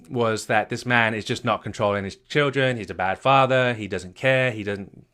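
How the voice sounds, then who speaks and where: Speaking in a sharp-toned voice on the low side, a man gives a motivational marriage-coaching talk. He repeats himself for emphasis and keeps shooting questions at the listener.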